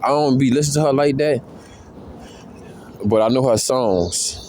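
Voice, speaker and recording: A man's voice: medium pitch, moderate pace, a little mellow, a little hiss or hum. A man talking to the camera in a slangy, profane, rambling way, telling stories about his past relationships. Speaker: vlogger. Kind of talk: casual monologue.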